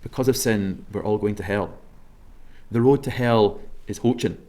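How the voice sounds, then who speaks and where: A man with a Scottish accent preaching a sermon, measured and emphatic, slowing down to stress key words. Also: lowish voice, darkish tone.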